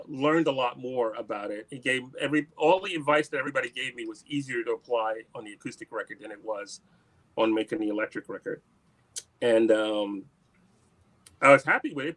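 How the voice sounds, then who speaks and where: A man in an interview, telling a long story in a casual way and acting out the lines of the people in it. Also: mid-range voice. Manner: animated anecdote-telling, acts out quoted dialogue. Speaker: musician guest.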